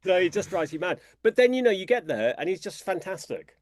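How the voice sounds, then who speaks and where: A British man, an author guest in an interview, who tells lively anecdotes and talks in a chatty, conversational way. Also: brisk. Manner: animated storyteller, imitates people in a high voice.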